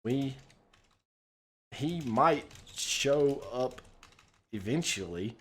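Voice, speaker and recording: A man's voice: medium pitch, lively intonation, very slow, slightly rough. Rambling, profane American man streaming a game. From United States. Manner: rambling, profane, laughs often. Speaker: streamer playing a text adventure game. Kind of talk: casual gameplay commentary.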